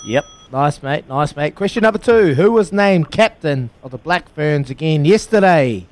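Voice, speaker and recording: A New Zealand man runs a call-in quiz on morning radio, upbeat and teasing. His voice sits a touch high for a man. The studio sound is dry and close. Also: animated, normal speed, no echo. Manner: upbeat, counts down and teases callers. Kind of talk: breakfast radio quiz banter.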